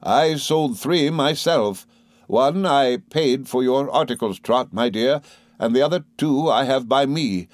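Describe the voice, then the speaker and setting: A man reading aloud as an elderly aunt, speaking slowly and deliberately in a slightly raised voice. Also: medium pitch, dry recording, voice pushed up, close to an everyday voice. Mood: firm, composed. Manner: slow, deliberate, clipped. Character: stern composed elderly aunt, woman.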